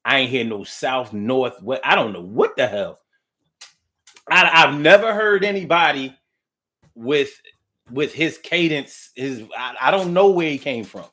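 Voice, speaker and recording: Man musing slowly on a livestream. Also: medium pitch, expressive, sharp tone. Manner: reflective and unhurried, drifting, with frequent hums and restarts; blunt, with casual profanity. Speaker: livestream host reading viewer comments. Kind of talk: casual musing monologue.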